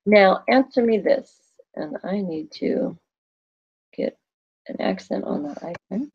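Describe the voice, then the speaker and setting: A woman's voice: medium pitch, animated, slow pace, long pauses, slightly rough, muffled recording. A woman teaching a Spanish class on a screen recording, asking questions and answering them herself in a chatty way.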